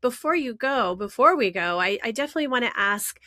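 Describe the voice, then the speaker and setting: A woman co-hosting a podcast interview, putting questions to her guest in a warm, inviting way. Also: on the high side, lively intonation, brisk, no echo, studio quality. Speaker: podcast co-host.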